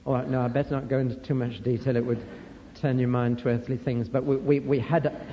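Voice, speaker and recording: A man's voice: mid-range voice, level tone, fairly quick, a little hiss or hum. A man preaching a sermon, telling stories that build to fervent emphasis. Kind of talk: sermon storytelling. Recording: lo-fi recording in a reverberant hall.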